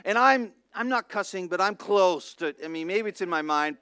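Animated pastor, dry close sound. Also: male voice, high voice, moderate pace, clear, resonant tone, no room sound. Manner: animated storytelling, acts out voices, swings from soft to loud. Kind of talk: sermon.

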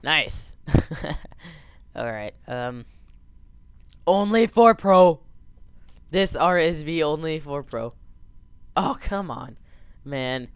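A young man doing jokey let's play commentary, excitable and yelping and cheering as he plays. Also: a little high, takes it slowly, long pauses, clean tone, no room sound. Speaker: gameplay commentator.

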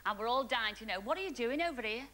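A woman's voice: a little high, lively intonation, fast. A woman hosting a TV dating show in a studio, chatty and teasing, laughing often with the audience. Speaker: game show host. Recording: old broadcast with loud audience noise. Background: audience cheering and laughing.

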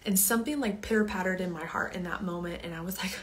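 A woman's voice: on the low side, fairly even intonation, a little fast, slight background noise. A woman hosting a casual storytelling monologue, chatty and earnest, sometimes dropping to a near-whisper. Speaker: host.

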